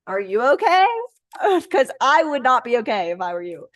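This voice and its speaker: A woman's voice: a little high, very animated, moderate pace, no room sound. A woman in her thirties doing a casual tarot card reading for viewers, talking in a playful way and joking and swearing as she goes. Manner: chatty and playful, jokes, laughs and swears often.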